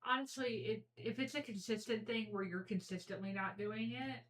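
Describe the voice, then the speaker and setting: Woman, podcast guest, casual chat, frank, blunt, swearing, bright tone. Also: on the high side, moderate pace, reverberant, distant mic, rough recording.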